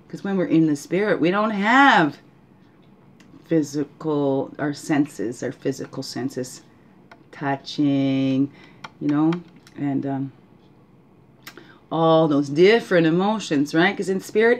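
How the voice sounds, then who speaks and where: A woman's voice: low-pitched, slow. A woman hosting a spiritual guidance session at home, reading oracle cards in a meandering, reflective way and often asking the listener questions. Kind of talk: casual oracle card reading.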